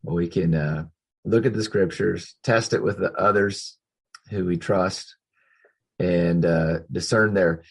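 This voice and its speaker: A man's voice: sits low, fairly even intonation, takes it slowly, husky. A man who hosts a church Q&A on a video call, talking earnestly and thinking aloud as he goes. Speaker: pastor hosting a Q&A. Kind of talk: casual discussion on a video call.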